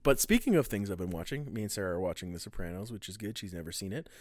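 A man's voice: lowish voice, animated, fast, no echo, studio quality. A man co-hosting a podcast in casual chat, swearing and laughing a lot. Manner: loud, profane, laughing banter. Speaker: podcast co-host.

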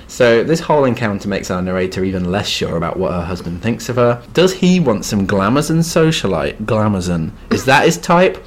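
A man's voice: on the low side, big pitch swings, fairly quick, few pauses. Chatty man recapping a classic novel. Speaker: podcast co-host. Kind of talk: casual literary chat.

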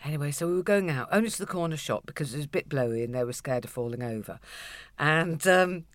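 A middle-aged woman co-hosts a podcast, swapping family stories in casual conversation, laughing a lot and swearing freely. Her voice is deep and animated, and she talks quickly.

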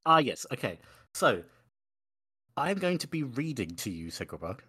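A man's voice: medium pitch, sing-song, normal speed, pushed and bright, husky. A man co-hosting a podcast, chatting casually in an awkward, hesitant, stalling way from a room in a house. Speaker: podcast co-host. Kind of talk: casual chat.

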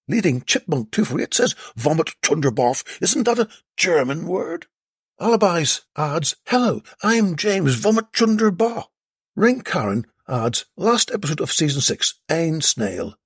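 A man hosting a podcast, reading out listener comments one after another in a wry, lively way. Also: a little high, slightly rough, no echo, clean studio sound. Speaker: podcast host.

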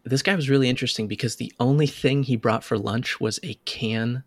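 A man co-hosting a podcast, telling stories in a casual, animated way with lots of restarts and laughs. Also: medium pitch, brisk, dry recording, studio quality. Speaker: podcast co-host. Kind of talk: casual chat.

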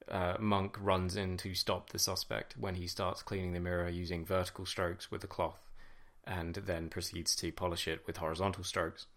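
Low gravelly guy riffing on a tv episode, swears a lot, laughs a bunch. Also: a bit bright. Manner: chatty, swears freely, laughs often. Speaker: commentator reviewing a TV episode. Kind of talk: casual spoken commentary.

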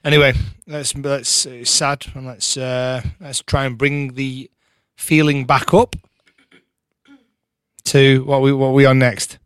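A man's voice: mid-range voice, little pitch movement, takes it slowly, a bit bright, clear, resonant tone, no room sound. A man speaking as a guest on a casual sports chat, earnest and plain-spoken.

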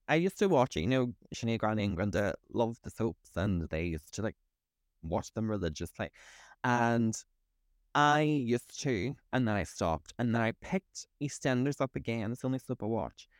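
A man from Britain co-hosts a casual podcast, talking bluntly and swearing freely. His voice sits at a middle pitch and is recorded close on a podcast mic with a dry, roomless sound. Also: animated, normal speed, dry recording. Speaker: podcast co-host. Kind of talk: casual chat.

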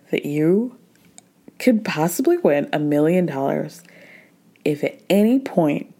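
A woman voicing a secretive reality-show producer who gives a hushed mission in a low, half-whispered voice. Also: heavily acted.

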